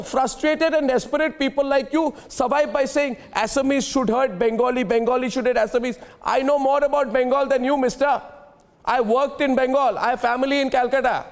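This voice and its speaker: A man from India, hosting a heated televised debate and talking over his guests with rapid repeated phrases. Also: very high-pitched, in a large hall. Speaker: debate show host.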